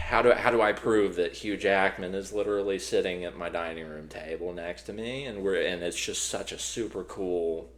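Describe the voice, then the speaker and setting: A man's voice: deep voice, normal speed. A man co-hosting a podcast in casual chat, telling a long story with many restarts and fillers. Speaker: podcast co-host.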